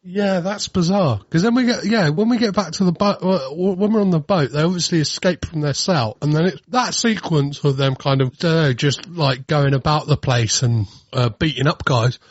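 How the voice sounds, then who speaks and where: A man hosting a podcast, chatting casually with lively restarts and stammers, slipping into mocking silly voices. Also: a little high, moderate pace, few pauses, slightly rough, no echo, lo-fi sound. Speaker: podcast host. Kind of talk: casual chat.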